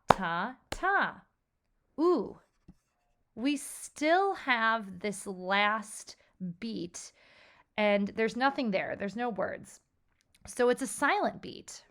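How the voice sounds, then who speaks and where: A woman's voice: medium pitch, a bit bright, slight background noise. A woman teaching a children's music lesson. She speaks encouragingly and chants rhythm syllables for the class to clap along.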